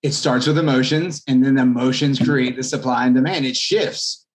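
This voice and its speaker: A man, a real estate agent, telling an anecdote as a guest in a podcast interview, in a lively storytelling manner. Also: medium pitch, moderate pace. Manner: animated anecdote telling, acts out quoted voices.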